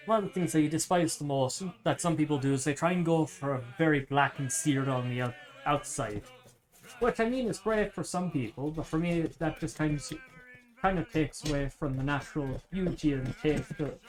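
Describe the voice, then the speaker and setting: A man's voice: fairly high pitch, moderate pace. A man streaming live while cooking, chatting in a casual, rambling way and swearing freely. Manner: rambling, profane, loose.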